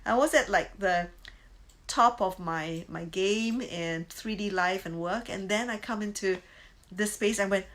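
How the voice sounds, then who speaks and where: A woman in her fifties giving a casual spiritual lesson, chatty, often tagging lines with "right?" and breaking into high exclamations. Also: unhurried, a bit bright, poor audio. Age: 50s. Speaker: spiritual course teacher. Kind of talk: casual teaching talk.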